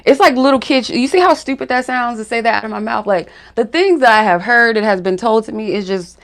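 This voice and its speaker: A woman's voice: fairly high pitch, a little fast, fairly bright tone. Woman doing a casual vlog monologue, blunt and chatty, lots of "like" and side comments. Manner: frank, chatty, with frequent fillers and asides. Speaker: spiritual reader and channel host. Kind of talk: casual direct-to-camera monologue.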